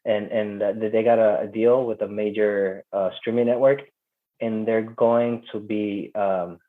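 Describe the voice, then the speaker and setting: A man's voice: fairly low pitch, steady tone, a little slow. A man who is not a native English speaker, talking in a casual interview and often stopping to repeat words as he searches for them. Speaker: interview guest. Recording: tinny phone-like call audio.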